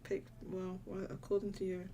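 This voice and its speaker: A woman's voice: medium pitch, completely flat delivery, moderate pace, mellow, far from the mic. A woman hosting a casual call-in stream, laughing often and restarting her sentences. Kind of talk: casual chat.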